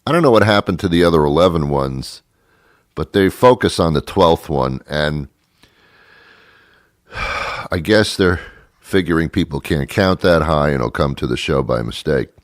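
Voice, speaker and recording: Deep-voiced exasperated male talk host. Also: expressive, unhurried, pauses often, dry recording, clean studio sound. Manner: rambling, exasperated, stammering restarts. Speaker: radio show host. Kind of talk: comedic monologue rant.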